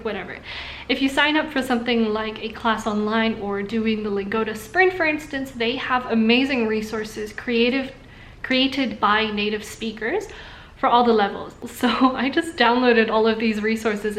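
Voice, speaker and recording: A young woman chatting to camera about language learning, upbeat and quick to laugh. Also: on the high side, a bit bright, reverberant, a little hiss or hum. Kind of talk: casual talk to camera. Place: room indoors in Singapore during a thunderstorm.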